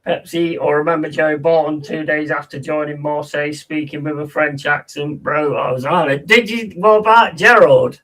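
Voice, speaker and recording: Here a man speaks at normal speed in a high-ish, fairly bright voice that is completely flat and has hardly any pauses. He hosts a football watch-along, offering casual commentary while reading viewers' chat aloud and answering in a laddish, chatty manner.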